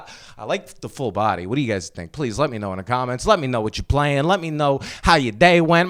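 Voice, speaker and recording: This is a man hosting his own gaming vlog, talking casually and excitably to his viewers. His voice is slightly high, clear and smooth, and it swings widely in pitch as he rambles along. He drops casual swear words without missing a beat. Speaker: gaming vlogger host. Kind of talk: casual chat to camera.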